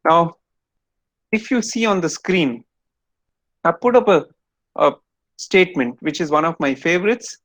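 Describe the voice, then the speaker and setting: A man's voice: a little high, expressive, a little slow, pauses often, fairly bright tone, no echo. A man giving an online lecture to students over a video call, explaining step by step and quizzing them.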